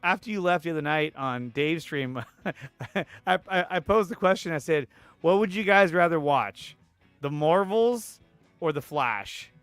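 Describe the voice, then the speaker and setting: A man co-hosting a casual podcast chat, telling stories in an animated way. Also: on the high side, measured pace, clean tone, no room sound, soft background music. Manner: laughing, animated storytelling. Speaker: podcast co-host.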